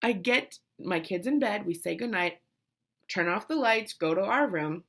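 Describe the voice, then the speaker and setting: A woman's voice: medium pitch, unhurried, gravelly. A woman in her thirties, a mother telling a family story casually and emotionally, with many restarts. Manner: animated, emotional, lots of restarts and quoted voices.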